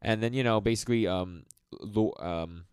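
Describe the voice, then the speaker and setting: A man's voice: fairly low pitch, moderate pace, darkish tone, clean tone, dry recording. A man co-hosting a podcast, chatting casually and rambling through an anime episode recap, acting out the characters' lines. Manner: rambling, many fillers, acts out character lines. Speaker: podcast co-host.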